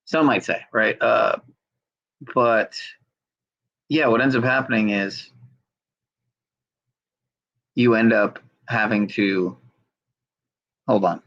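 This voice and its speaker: Gravelly, low-voiced rambling streamer. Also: male voice, steady tone, slow pace, pauses often, a bit bright, dull audio. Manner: rambling, profane, sarcastic. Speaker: livestream host. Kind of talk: rambling livestream commentary.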